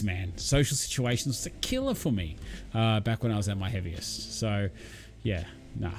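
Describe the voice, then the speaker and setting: A man's voice: lowish voice, a little mellow. A man hosting a casual livestream, chatting and answering viewers in a chummy, rambling way. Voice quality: rambling, full of fillers and restarts, chummy. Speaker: channel host reading live chat.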